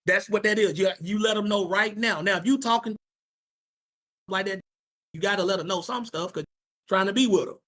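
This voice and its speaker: A man's voice: high voice, moderate pace, long pauses, sharp tone. A man leads a Sabbath class with blunt, slangy advice for young people. He talks emphatically and keeps hammering his points home by saying them twice. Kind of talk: informal preaching to young people.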